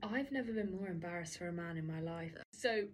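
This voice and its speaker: A woman's voice: on the low side, animated, a little fast, breathy edge. A woman, co-hosting a casual chat podcast and expressively acting out dialogue in her anecdotes. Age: 20s. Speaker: podcast co-host.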